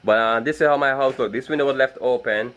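A man's voice: medium pitch, fast, a bit bright, rough recording. Stressed man talking to camera. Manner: stressed, repetitive, nervous laughter. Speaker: vlogger. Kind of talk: casual video diary.

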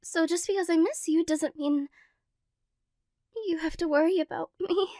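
A woman in a whispered role-play as a tearful ex-girlfriend, talking softly and rambling, flustered and emotional. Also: very high-pitched, steady tone, moderate pace, dry recording, clean studio sound. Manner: soft, rambling, self-conscious and emotional. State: teary after crying. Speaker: ASMR role-play performer.

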